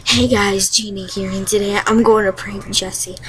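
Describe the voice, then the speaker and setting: Girl doing a prank channel lady plotting, flat and casual. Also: medium pitch, moderate pace, noisy background, natural voice. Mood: scheming. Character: scheming female prank YouTuber.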